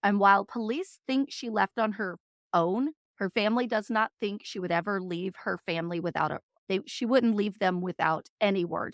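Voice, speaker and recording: A woman co-hosting a true crime podcast, reading case details in a steady voice at a middle pitch. She is recorded close and dry, with no room sound. Between the read passages she chats and agrees emphatically. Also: normal speed, no echo. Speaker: podcast co-host.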